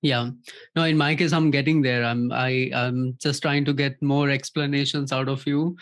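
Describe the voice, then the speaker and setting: A male podcast host asks his questions haltingly, filling pauses with "uh" and "um". His pitch sits in the middle range for a man. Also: steady tone. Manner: hesitant, with many fillers. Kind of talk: interview questions.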